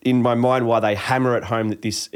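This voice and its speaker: A man's voice: medium pitch, fairly even intonation, a little fast, smooth. A man in casual film talk with a friend, swearing freely and acting out lines from the movie.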